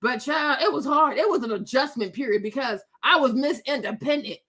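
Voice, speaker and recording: A middle-aged woman telling a story to her viewers in casual chat, animated and sassy, laughing often and acting out quotes. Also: sits high, a little fast, slightly rough. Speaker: vlogger.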